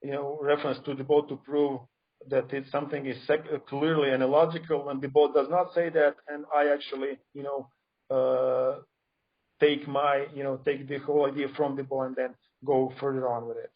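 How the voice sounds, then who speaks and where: A man's voice: mid-range voice, flat delivery, normal speed, muffled recording. A man giving an academic conference talk, criticizing another scholar's claims in an emphatic, argumentative way over a remote video call. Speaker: conference speaker.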